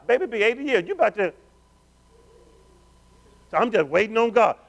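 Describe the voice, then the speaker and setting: A male pastor with a high voice and a very lively, sweeping pitch. He preaches with call-and-response, urging the congregation on as family. His volume dips from loud declarations to near-whispered asides. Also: quick pace, gravelly, pauses often, dull audio. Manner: swings between loud declarations and hushed, low asides. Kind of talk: sermon. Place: church sanctuary.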